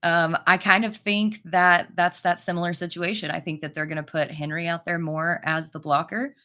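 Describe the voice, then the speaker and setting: Female sports panelist, low register, casual chatty delivery. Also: flat delivery, normal speed, sharp tone. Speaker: fantasy football analyst.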